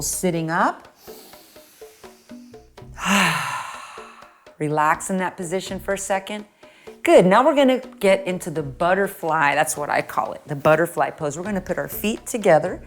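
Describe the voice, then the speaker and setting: A middle-aged woman leads kids through a stretching warm-up, guiding each move step by step. Her voice is of ordinary pitch and she praises often in a playful, encouraging way. Faint music plays behind her. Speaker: children's music and movement teacher. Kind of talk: guided stretching instruction for kids.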